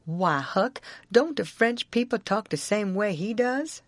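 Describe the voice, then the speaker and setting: A woman's voice: mid-range voice, animated, unhurried, no echo, pitched above the performer's own voice. A woman doing a stubborn Southern runaway man. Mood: puzzled, stubborn. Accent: Southern American. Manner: heavy rural dialect, insistent and indignant.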